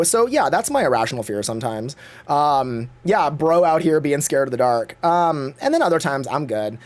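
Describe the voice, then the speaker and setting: A man talking casually on a livestream with a very animated, bouncing delivery. He gossips, swears freely and slips into exaggerated voices when acting out what other people said. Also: fairly high pitch, normal speed. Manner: gossipy, profane, acts out quotes in exaggerated voices. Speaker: Twitch streamer.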